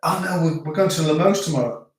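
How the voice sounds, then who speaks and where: A man's voice: fairly high pitch, fast talker. A middle-aged man hosting a casual livestream, reading viewer comments aloud in a chatty way and trying out French words. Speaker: livestream host. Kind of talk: casual live chat. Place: home, indoors. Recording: very echoey room.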